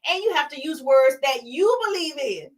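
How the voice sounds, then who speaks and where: Woman, Southern accent, high voice, bubbly sing-song livestream host, business coaching. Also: expressive, moderate pace. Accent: Southern US, Georgia. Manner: upbeat, sing-song greetings to viewers. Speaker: business coach hosting a live Q&A. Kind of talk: live-stream chat and teaching.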